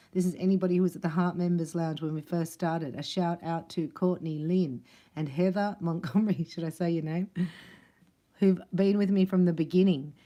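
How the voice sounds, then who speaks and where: A woman giving a casual spiritual tarot reading, chatty and quick to laugh. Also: on the low side, mellow. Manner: chatty, laughs often, acts out other voices. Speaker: tarot reader.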